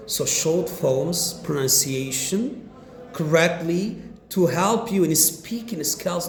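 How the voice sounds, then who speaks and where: Speaking slowly in a mid-range voice, an Arabic-accented man coaches beginners on English pronunciation, saying every practice word over several times. A slight hiss or hum is audible.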